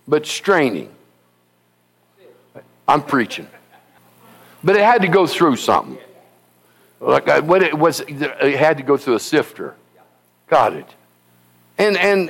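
Pastor, unhurried sermon delivery, animated and folksy, voice on the high side. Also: male voice, creaky. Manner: animated storytelling, folksy and emphatic.

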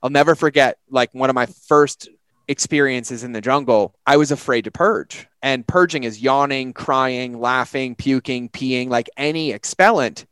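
A man in recovery chatting on a podcast, telling personal stories with lively acted-out quotes. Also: mid-range voice, moderate pace, smooth, dry recording. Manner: animated storyteller, acts out quotes. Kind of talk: casual conversation.

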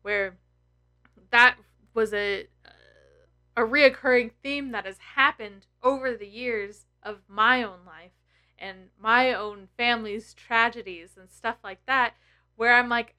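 With a high-leaning, sharp-toned voice, this tarot content creator in her thirties vlogs candidly to her followers. She's emotional and blunt, and her talk is packed with swearing.

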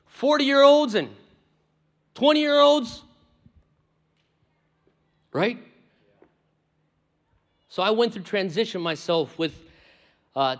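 Passionate high-voiced Brazilian pastor preaching. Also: male voice, a bit bright. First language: Portuguese. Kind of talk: sermon. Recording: reverberant hall.

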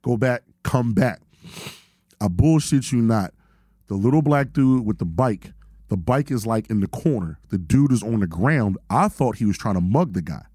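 A man's voice: lowish voice, lively intonation, normal speed, dark tone, husky, dry recording, studio quality. A man, hosting a podcast and telling stories in a laid-back, profane way. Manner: laid-back storyteller, swears freely. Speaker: podcast host. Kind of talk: casual profane chat.

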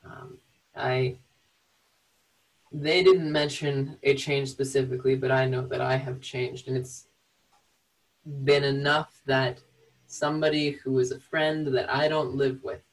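A man's voice: medium pitch, flat delivery, unhurried, long pauses. A man reflects hesitantly on how he has changed. His voice comes from some distance from the microphone. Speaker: group participant. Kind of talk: personal sharing in a group talk.

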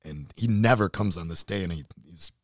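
A man in his thirties with a hoarse, worn-out voice, talking in a casual, earnest and emotional way and swearing freely. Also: low voice, a little fast, dry recording, studio quality. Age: 30s. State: hoarse, voice nearly gone. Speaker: podcast co-host, CrossFit athlete. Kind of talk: casual chat.

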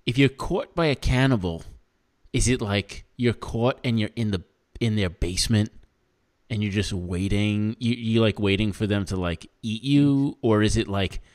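A man's voice: fairly low pitch, moderate pace, darkish tone. A man co-hosting a podcast in casual, jokey, rambling chat, laughing often. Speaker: podcast co-host.

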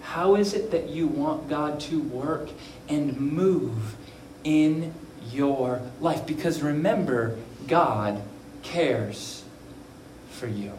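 Brief: earnest male pastor, slow deliberate sermon, roomy echo with faint background noise. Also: on the high side. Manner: earnest, swings from soft to emphatic. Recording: echoey room.

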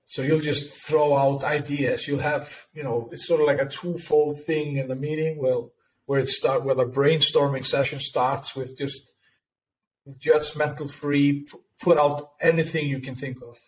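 Measured man with faint background noise. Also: fairly high pitch, fairly even intonation, poor audio. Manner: explaining in a measured way. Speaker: podcast co-host. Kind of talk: casual conversation.

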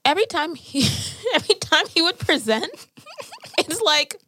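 A young woman co-hosting a podcast, talking in a casual, animated way and telling stories expressively. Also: very high-pitched, slight background noise. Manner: animated storytelling, quick and expressive. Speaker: podcast co-host. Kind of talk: casual chat.

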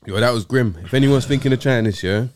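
A man's voice: mid-range voice, quick pace, a little mellow, smooth. A young man hosting a podcast, talking in laid-back, slang-heavy casual chat. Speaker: podcast host.

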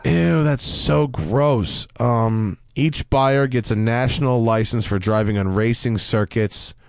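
A man's voice: mid-range voice, takes it slowly, vocal fry, clear, resonant tone, no echo, studio quality. A man hosting a podcast in casual chat, joking and swearing freely. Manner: profane, animated and joking. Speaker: podcast host.

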